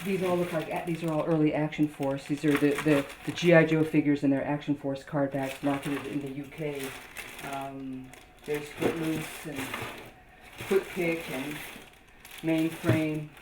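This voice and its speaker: A woman toy collector casually showing her collection, halting with many ums and restarts as she reads labels aloud. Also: low-pitched, level tone. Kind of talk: casual show-and-tell narration. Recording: noisy home video.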